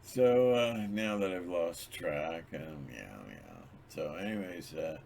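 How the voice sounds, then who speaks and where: Host, lower-voiced man, slow rambling monologue, digresses and restarts. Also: big pitch swings, vocal fry, a little mellow, slight background noise. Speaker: channel host.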